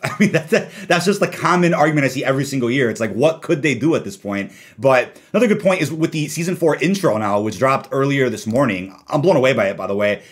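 Fast-talking young man hosting a gaming chat. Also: fairly high pitch. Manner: rapid, animated, argumentative. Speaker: podcast host. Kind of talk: casual gaming podcast chat.

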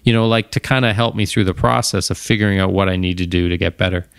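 A man's voice: sits low, fairly even intonation, fast, gravelly, clear, resonant tone, no echo, studio quality. A man hosting a podcast on his own, talking casually and wandering off into tangents. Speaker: podcast host. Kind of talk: casual solo monologue.

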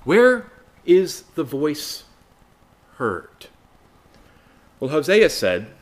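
Lively, earnest male preacher. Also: a little high, extremely slow, pauses often. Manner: earnest, rhetorical questions, repeats phrases for emphasis; addresses listeners as brothers and sisters. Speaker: bible study speaker. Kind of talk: bible study sermon.

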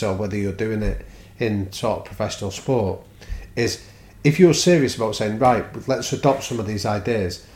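On the low side and full of animation, this man's voice carries a roomy echo. He's a guest speaker on culture and leadership in a podcast conversation, bringing his stories to life by performing quoted dialogue.

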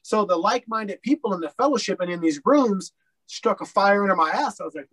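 A man's voice: high-pitched, animated, brisk, fairly bright tone, breathy edge, rough recording. A man from Colorado, a podcast guest telling his story in a candid, rambling way, with lots of fillers and blunt swearing. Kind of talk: casual storytelling interview.

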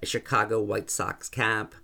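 Gravelly male storyteller. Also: lowish voice, level tone, unhurried, pushed and bright. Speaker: narrator. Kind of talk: first-person story reading.

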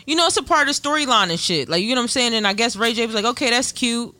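A woman's voice: a little high, rapid-fire, no room sound. A woman in casual podcast chat, animatedly retelling celebrity gossip with plenty of profanity. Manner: animated storytelling, profane, mimics people.

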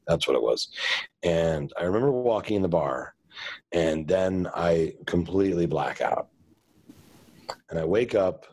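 A man's voice: low-pitched, a little mellow, slightly rough. A man in an interview, frankly telling a personal story in a plainspoken way, often correcting himself mid-sentence. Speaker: guest.

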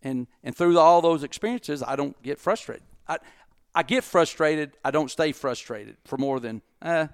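A man's voice: normal speed, clear, resonant tone, dry recording, clean studio sound. A middle-aged man, a business owner, telling stories in a casual podcast chat and acting out the voices in them. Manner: animated storyteller, acts out quotes, jumps in pitch.

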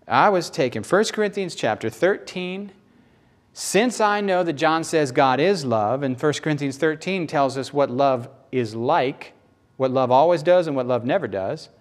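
A man with a Southern American accent preaching a sermon in an animated, playful, emphatic way. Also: medium pitch.

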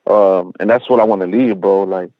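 A rapper speaks in a loose, streetwise way, swearing freely and mixing in bits of Spanish. His voice sits at an ordinary pitch for a man. The sound is dry and a little dull, like a budget podcast mic. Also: steady tone, normal speed, no echo. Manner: slangy, profane, peppered with "bro" and "you know what I'm saying"; mixes in Spanish phrases. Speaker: rapper guest. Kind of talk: casual interview chat.

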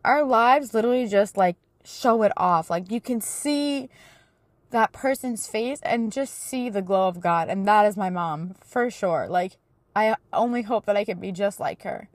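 A woman's voice: mid-range voice, a little slow, dry recording. A woman in her thirties hosting a casual faith talk, telling stories in an earnest, chatty way with plenty of fillers. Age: 30s. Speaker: podcast host.

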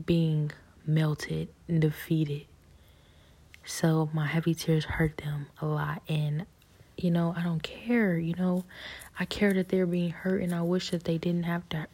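A young woman giving a personal faith testimony in a soft, whispery, halting way, with many fillers and restarts. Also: deep voice, breathy edge.

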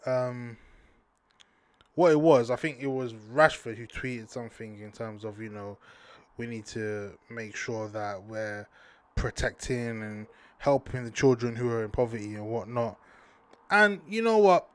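A man's voice: mid-range voice, measured pace, smooth, no echo. A man, ranting to camera in slangy, heated talk, repeating himself for emphasis. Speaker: vlogger. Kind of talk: casual ranting commentary to camera.

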